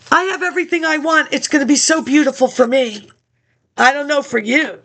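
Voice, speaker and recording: A woman's voice: sits high, brisk, a bit bright. A woman talking in a rambling monologue into a laptop webcam, jumping between topics and reading old documents aloud.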